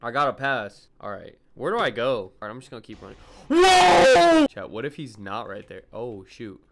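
A young man streaming a horror game, chatting with viewers in slang and yelping and shouting at every scare. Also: lowish voice, a little fast, slight background noise. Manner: excitable, yelps and shouts at scares. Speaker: gaming streamer. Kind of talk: live gameplay commentary to chat.

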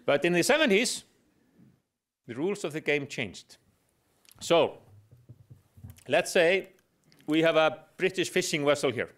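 Brief: middle-aged man lecturing in English, slightly high voice, wry humor, pauses on "uh". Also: animated, a bit bright. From Iceland. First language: Icelandic. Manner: explanatory with dry humor, hesitant fillers. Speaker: guest lecturer. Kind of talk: public lecture.

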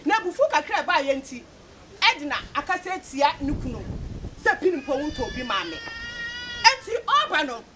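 A woman speaking as spokesperson at a traditional engagement ceremony, announcing the gifts in a lively, playful way. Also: high-pitched, normal speed. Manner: lively, playful, joking with the crowd. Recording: noisy crowded event hall.

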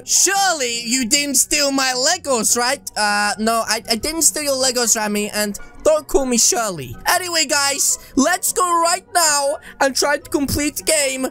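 A man giving energetic, jokey commentary over a video game, often bursting into yelps and shouts. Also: extremely high pitch, unhurried, hardly any pauses. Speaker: gaming YouTuber. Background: game music.

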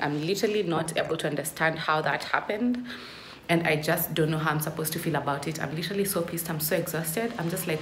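A young woman vlogging casually at home, ranting in exasperation with lots of emphatic "literally". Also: on the low side. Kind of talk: casual vlog monologue. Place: indoors at home. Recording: echoey room, faint ambient noise.

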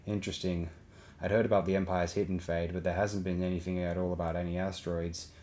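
A man reading the part of a cool, shrewd male smuggler chief speaking over a comm, calm and probing with a hard edge. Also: low voice, fast talker, natural voice.

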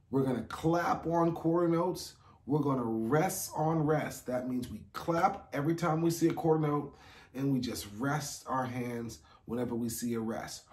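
A man's voice: medium pitch, darkish tone, roomy sound. A man teaching a beginner music theory lesson online, upbeat and encouraging as he counts beats aloud for his students to clap along.

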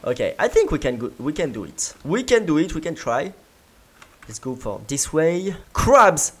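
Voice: medium pitch, very animated, normal speed, slightly rough. A gaming video creator giving playful let's-play commentary, full of yelps, giggles and mouth sound effects.

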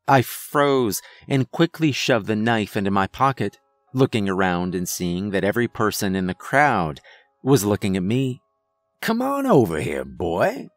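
A man reading a first-person horror story in a measured, dramatic scripted narration. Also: mid-range voice, dry recording.

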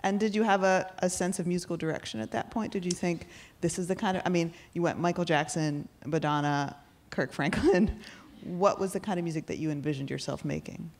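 A woman's voice: on the low side, fairly quick, hardly any pauses, a little mellow. A woman reporter interviewing a singer on stage, asking curious follow-up questions with light laughs. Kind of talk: onstage interview.

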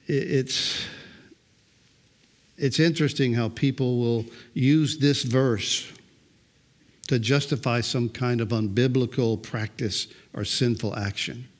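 A man's voice: mid-range voice, steady tone, slow pace. Older male pastor preaching casually. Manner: conversational preaching with frequent repeated words. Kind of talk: sermon.

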